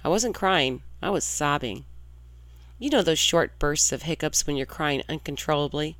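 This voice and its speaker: A woman's voice: low-pitched, animated, moderate pace, fairly bright tone, no echo. A woman in her forties from St. Louis, hosting an internet radio show with a chatty, confiding and emphatic delivery. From St. Louis, Missouri. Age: 40s. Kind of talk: scripted monologue.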